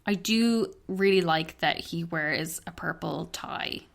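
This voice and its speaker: A woman co-hosting a podcast, talking candidly and swearing casually in a relaxed book club chat. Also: on the low side, slow pace, gravelly. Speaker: podcast co-host. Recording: traffic noise from an open window.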